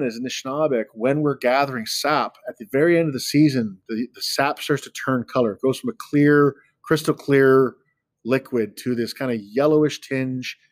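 Male podcast host in his thirties, casual storyteller with a chatty, joking manner; mid-pitched voice, dry close sound. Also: dry recording. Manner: relaxed, chatty, self-deprecating.

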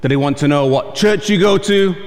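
A man's voice: on the high side, a little fast, a little mellow. A man with an English accent, a pastor, preaching a sermon and telling stories with acted-out voices. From England. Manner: storytelling, acting out quoted voices. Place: camp meeting hall. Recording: long reverb in a large hall.

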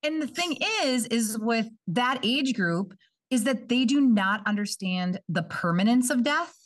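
A woman working in early childhood education, chatting casually on a podcast and acting out parents and kids in quick quoted voices. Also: fairly high pitch, recorded from a distance. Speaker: early childhood coordinator, guest.

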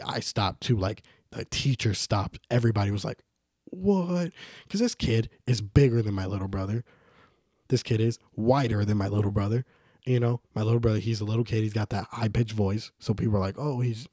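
A young man hosting a podcast, telling rambling, casual stories and jumping up in pitch when he quotes others. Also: warm tone, dry recording, studio quality. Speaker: podcast host. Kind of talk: casual storytelling monologue.

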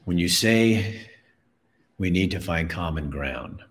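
A man's voice: sits low, expressive, slow pace. A middle-aged man, host of his own show, telling a personal story in an earnest, emotional way and often repeating words.

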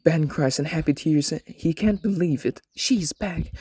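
Deadpan man narrating an absurd story. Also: a little high, a little slow, hardly any pauses, breathy edge, dry recording, studio quality.

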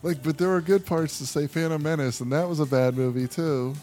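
A man's voice: fairly high pitch, steady tone, brisk, darkish tone, soft background music. A man co-hosting a podcast in casual chat, opinionated and ranting, swearing freely. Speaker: podcast co-host.

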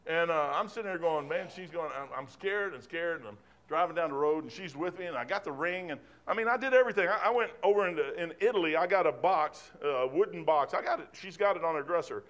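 A man's voice: on the high side, fast, fairly bright tone. An older man preaching an informal sermon in a folksy, rambling, conversational way, drifting between Bible reading and personal stories.

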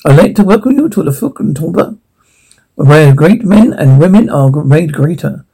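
A man's voice: a little high, expressive, moderate pace, creaky, dark tone, breathy edge, full character voice, poor audio. An actor playing a pompous male doctor who narrates a promotional film in a grandiose, self-important manner. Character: pompous male doctor boasting of his legacy. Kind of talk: scripted narration.

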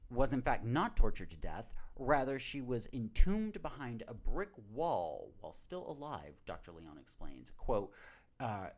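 A man casually reading a movie synopsis aloud as a podcast host, swearing, rambling off on tangents and laughing between lines. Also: on the low side.

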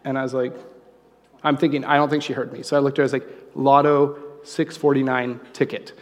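A man preaching a sermon, conversational and joking, with animated asides. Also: mid-range voice, rapid-fire, big-room sound. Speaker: pastor. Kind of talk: sermon with humorous story.

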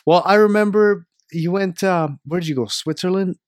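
A man hosting a podcast, relaxed and chatty, prompting his guest with follow-up questions. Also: high-pitched, normal speed. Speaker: podcast host. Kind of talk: casual interview chat.

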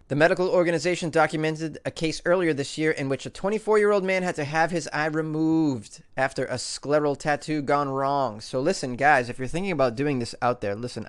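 A man from Massachusetts hosting comedic news talk on the radio, with a slightly high voice. He is wry and animated, jumping between mock-serious reading and jokes. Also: clear, resonant tone. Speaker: radio talk show host.

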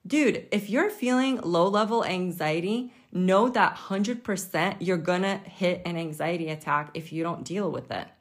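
A woman hosting a casual health podcast, talking informally with lots of fillers and the odd light laugh. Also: lowish voice. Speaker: podcast host.

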